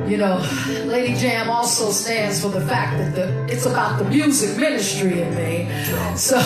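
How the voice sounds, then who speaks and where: Heard from a distance in an echoey room with music playing behind her, a woman pastor leads her livestream ministry's sermon and music. Her voice is medium in pitch at a normal speed, and she encourages her viewers soulfully, calling out to them in street-slang church talk.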